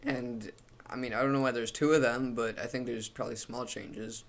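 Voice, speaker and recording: A man's voice: mid-range voice, moderate pace, gravelly, a little hiss or hum. Rambling, opinionated young man. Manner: rambling, opinionated, many restarts and fillers. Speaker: YouTuber ranking logos. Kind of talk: casual commentary.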